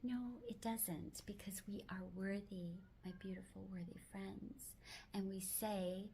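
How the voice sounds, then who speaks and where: In a self-help video, a female host speaks softly and mostly whispers, occasionally saying phrases more firmly. Her mid-range voice stays steady and unhurried, with a faint hiss or hum underneath.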